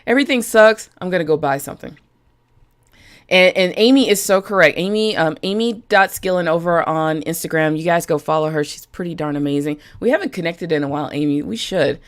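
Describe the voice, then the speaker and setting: A woman's voice: lowish voice, brisk. A woman business coach talking directly to live-stream viewers, chatty and frank, greeting people by name as she goes.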